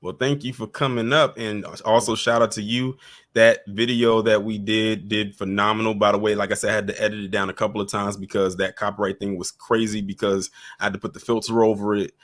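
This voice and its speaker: Guy hosting a call-in stream, lowish voice, laid-back chatty, lots of "like". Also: fairly quick. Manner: relaxed, chatty, many fillers. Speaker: host of a call-in livestream. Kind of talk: casual chat.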